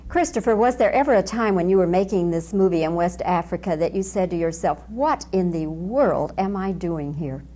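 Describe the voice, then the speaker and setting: A woman interviewing a film actor, eager, with her questions rising in pitch. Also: expressive, normal speed, hardly any pauses, warm tone. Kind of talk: press junket interview.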